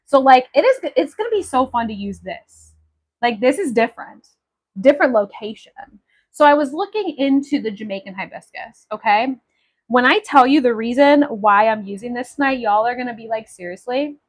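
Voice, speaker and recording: A woman's voice: a little high, lively intonation, normal speed, poor audio. A woman from Maui hosting a casual livestream, chatty and enthusiastic, with many fillers as she talks to viewers. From Maui, Hawaii. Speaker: livestream host.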